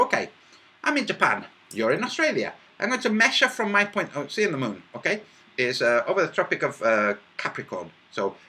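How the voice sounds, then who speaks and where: A man's voice: on the high side, pushed and bright. A man hosting a livestream, demonstrating with his hands and head while explaining to viewers and mocking his critics from the chat. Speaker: livestream host.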